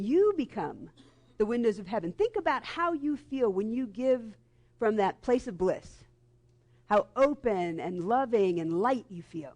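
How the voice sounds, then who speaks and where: A middle-aged woman giving a sermon as guest minister, in a lively conversational way, into a live microphone before a congregation. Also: on the high side, measured pace. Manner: lively and conversational, acts out quoted voices. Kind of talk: sermon with storytelling. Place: church sanctuary before a congregation.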